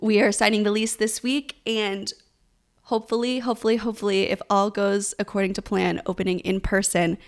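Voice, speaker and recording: A young woman chatting on a podcast, bubbly and quick to laugh. Her voice has a gravelly, fry-tinged edge, and she rambles through restarts at a middling pitch. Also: level tone. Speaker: podcast co-host. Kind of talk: casual podcast chat.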